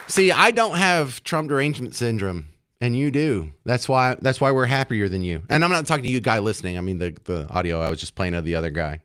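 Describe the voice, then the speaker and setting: A man's voice: mid-range voice, expressive, a little fast, a bit bright, clean tone, a faint crowd. A man hosting a talk radio show from a studio mic, mocking and sarcastic.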